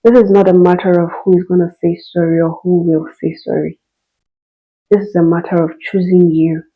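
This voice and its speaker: Rich: A woman speaking in a heartfelt, earnest reflection, growing emotional and repeating phrases for emphasis. Her voice carries a gravelly edge and stays fairly level in pitch, and the recording sounds a little dull and lo-fi. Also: little pitch movement, moderate pace. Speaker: host reading and responding to a listener's story.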